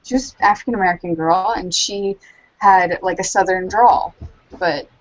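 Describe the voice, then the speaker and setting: A woman's voice: fairly low pitch, moderate pace, dull audio. A woman from Charleston chatting casually on a podcast, rambling with lots of likes and ums. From Charleston, South Carolina, US. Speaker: guest artist.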